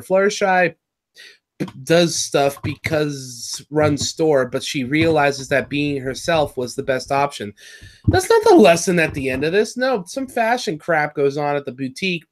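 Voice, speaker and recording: A man co-hosting a casual episode review, rambling and correcting himself as he recaps and jokes. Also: on the high side. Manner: rambling, self-correcting, jokey. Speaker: podcast co-host.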